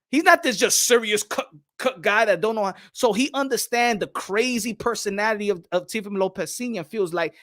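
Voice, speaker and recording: A man co-hosting a boxing podcast, talking in an animated, emphatic way and repeating himself. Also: sits high, a little fast, few pauses. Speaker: podcast co-host. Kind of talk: casual boxing podcast chat.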